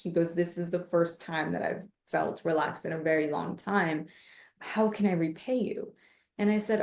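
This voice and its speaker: A woman with a slightly low voice, telling stories in a relaxed interview. She is animated and brings the people she quotes to life with little voice changes. Her voice rings in a roomy space. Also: moderate pace. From United States. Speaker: podcast guest, comedian and mindfulness coach. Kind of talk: casual interview storytelling.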